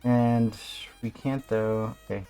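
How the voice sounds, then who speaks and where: A man streaming live, reacting to a game and swinging into loud mock rants. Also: mid-range voice, steady tone, takes it slowly, smooth, faint music behind.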